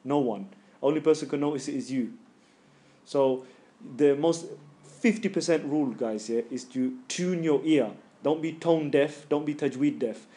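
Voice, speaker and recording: A man teaching a tajweed class, joking with students and loudly demonstrating sounds. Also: on the high side, moderate pace. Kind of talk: classroom lesson.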